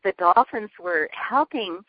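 A woman guest telling a personal story in an interview, earnest and lively, laughing often. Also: medium pitch, a little slow, breathy edge, no echo. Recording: dull lo-fi phone line.

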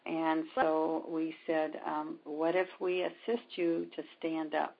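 Woman storyteller, low-pitched gravelly husky voice, lo-fi recording. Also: level tone, takes it slowly. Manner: retells events with quoted dialogue, many ums. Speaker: spiritual healer guest. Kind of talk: storytelling in a conversation. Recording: dull lo-fi sound.

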